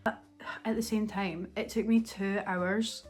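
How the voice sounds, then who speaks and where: A woman's voice: medium pitch, steady tone, unhurried. Young woman, casual vlog chat, self-mocking, laughs a lot, faint background music. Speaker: vlogger. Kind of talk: casual chatty storytelling vlog. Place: at home in her flat.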